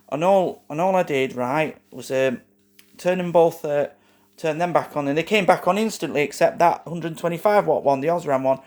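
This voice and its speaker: A man rambling through a casual show-and-tell vlog, halting and correcting himself often, with frequent fillers and asides to his viewers. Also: on the high side, a little mellow. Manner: keeps addressing viewers as "guys". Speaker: lighting hobbyist vlogger.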